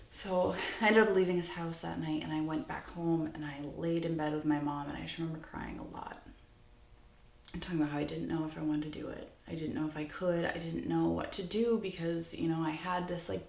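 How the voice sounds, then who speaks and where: A woman's voice: on the low side, a little mellow. A woman in her twenties telling a personal story in a candid, conversational vlog, with lots of "like" fillers. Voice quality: creaky, gravelly. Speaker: vlogger. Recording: echoey room, slightly off-mic.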